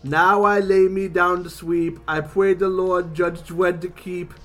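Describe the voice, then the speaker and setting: A man voicing a cheerful, devoted male robot in an earnest, prim, slow manner, reading a comic aloud on a podcast. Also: sits high, flat delivery, a bit bright, soft background music.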